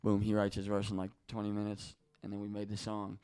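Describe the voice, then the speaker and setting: A man in his twenties, a guest on a podcast, telling a personal story in a casual, animated way, swearing often and acting out what other people said. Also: lowish voice, fast, clear, resonant tone. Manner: animated, swears often, acts out quoted voices.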